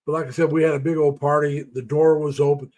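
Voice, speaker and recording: An older man hosts a casual live stream, greeting viewers by name and telling rambling, folksy stories about the past. His voice is a little high and darkish, level in tone, and he talks fast.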